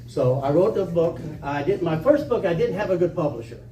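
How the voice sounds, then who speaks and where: A conference speaker tells folksy stories to a live audience, chuckling and acting out phone calls. His voice is on the high side, expressive, fairly quick and mellow, recorded in an echoey room far from the mic with faint noise.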